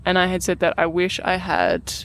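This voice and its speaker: A woman's voice: on the low side, little pitch movement, moderate pace. A woman chatting casually outdoors, thoughtful and hesitant, searching for her words. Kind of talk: casual chat. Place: outdoors in a city park.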